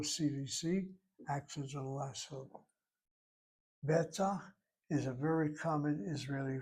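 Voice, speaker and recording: A man teaching a language class, explaining slowly and methodically and repeating words to break them into syllables. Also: fairly high pitch, a little mellow, husky. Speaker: Hebrew teacher. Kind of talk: classroom lecture.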